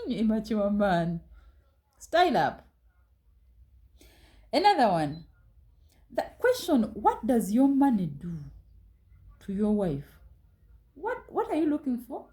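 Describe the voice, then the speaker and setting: A woman speaks slowly on relationships, pausing often, her warm, higher voice swooping wildly in pitch on a low-quality recording. Her motivational talk is direct and scolding, hitting listeners with pointed rhetorical questions.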